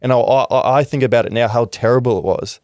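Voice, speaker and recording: A man's voice: mid-range voice, a little fast, darkish tone, no echo, studio quality. A young Australian man, a former rugby league player, talks frankly and reflectively as a podcast guest, with casual swearing. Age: young adult. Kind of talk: candid interview talk.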